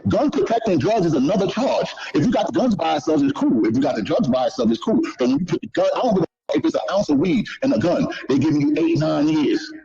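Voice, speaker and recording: Husky lively man telling street stories. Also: fairly high pitch, fast talker, hardly any pauses, faint music behind. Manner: swearing, repetitive street talk. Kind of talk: casual storytelling. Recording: dull lo-fi clip audio.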